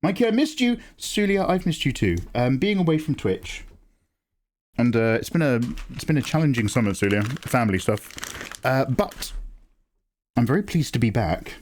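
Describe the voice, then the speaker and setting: Animated streamer, lively and loose. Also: male voice, mid-range voice, moderate pace. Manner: animated, swears freely, jokes with chat. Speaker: livestream host. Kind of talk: casual chat while drawing.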